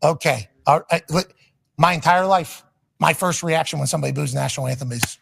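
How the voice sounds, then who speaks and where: This is a man from Pittsburgh with a high-pitched voice and a gravelly edge. He talks in a blunt, profane, rambling way, like an impassioned on-air monologue. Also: quick pace, a bit bright. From Pittsburgh, Pennsylvania, USA.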